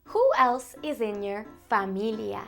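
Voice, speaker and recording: A woman hosting a bilingual lesson for toddlers, speaking slowly and coaxingly in a sing-song way to small children. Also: medium pitch, gravelly, a bit bright, faint music behind. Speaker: children's Spanish teacher host.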